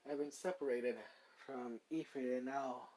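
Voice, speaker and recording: A narrator voicing a weak, gentle aging woman who speaks softly, in a fan story read-aloud. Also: medium pitch, steady tone, measured pace, natural voice, low-quality recording. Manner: soft and gentle.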